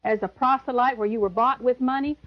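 A woman preaching a sermon in a high voice, driving her points home with emphasis and the odd chuckle. She repeats her key words to make them stick. The recording is dull and lo-fi. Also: steady tone, fairly quick.

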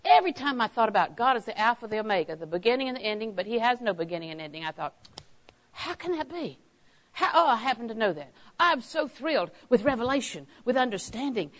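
A woman's voice: on the high side, big pitch swings, quick pace, poor audio. A woman preaching a sermon, stressing key phrases by repeating them and telling anecdotes with a chuckle.

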